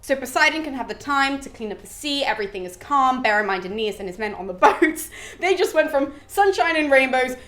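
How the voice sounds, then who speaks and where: A woman's voice: high voice, brisk, soft background music. Chatty woman retelling an epic. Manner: chatty, animated storytelling with frequent asides. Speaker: literature explainer. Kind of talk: casual retelling of a classic.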